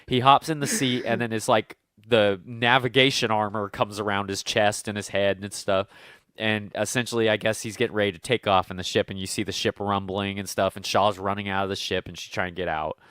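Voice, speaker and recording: A man's voice: on the low side, steady tone, fairly quick, a bit bright, clean tone, no echo, studio quality. A man co-hosting a casual movie review podcast, rambling with many fillers and acting out characters' lines. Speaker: podcast co-host.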